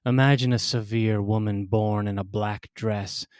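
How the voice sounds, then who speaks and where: Male storyteller and host, low pitch, dry close sound, wry dramatic pacing with deliberate pauses. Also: steady tone, darkish tone, clear, resonant tone, no echo. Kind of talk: scripted storytelling.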